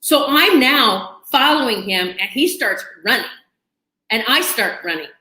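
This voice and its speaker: A woman's voice: fairly high pitch, lively intonation, measured pace, sharp tone. A woman host telling a personal story to camera in a chatty, dramatic way, with asides and laughter. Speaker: channel host. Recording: echoey room.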